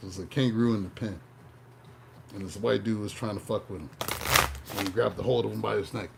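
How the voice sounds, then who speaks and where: A man's voice: on the low side, fairly even intonation, fairly quick, creaky, very noisy. A man doing a tarot reading who drifts into a profane, joking rant in a loose, digressive storytelling way. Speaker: tarot reader. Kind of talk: casual comic rant then tarot reading.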